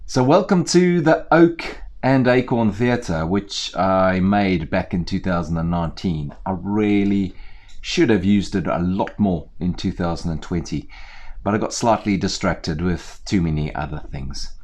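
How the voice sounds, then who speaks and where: A man storyteller talking to viewers in a lively, chatty way with playful asides, indoors on a small theatre set. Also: low-pitched, a little slow.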